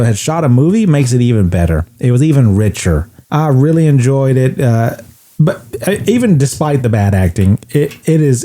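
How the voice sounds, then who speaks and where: A man co-hosting a casual movie podcast, joking and lively as he shares his opinions. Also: medium pitch. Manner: animated, joking, puts on voices. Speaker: podcast co-host.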